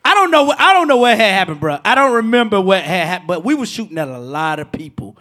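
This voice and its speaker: A man with a strikingly high, bright voice tells stories in an excitable, loud way. His pitch jumps around a lot as he talks. It is a casual podcast chat. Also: quick pace. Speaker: radio host.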